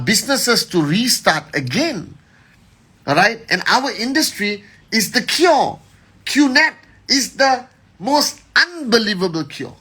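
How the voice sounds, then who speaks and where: A man's voice: high voice, pushed and bright, husky. A middle-aged man giving a motivational live address as a company leader, emphatic and rallying, often checking in with "all right?".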